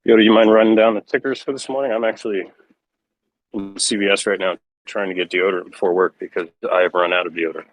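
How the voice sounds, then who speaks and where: A man's voice: low-pitched, steady tone, fast talker, dry recording, rough recording. A man hosting a live crypto trading stream, chatting casually and joking wryly with a co-host. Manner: joking, chatty, wry asides. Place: inside a pharmacy store.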